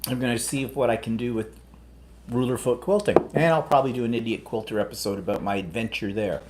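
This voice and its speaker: A man co-hosts a relaxed live chat, wandering from one thought to the next. He is chatty and teasing, and his voice sits in an ordinary middle pitch. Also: quick pace, very noisy. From United States. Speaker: co-host. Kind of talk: casual chat.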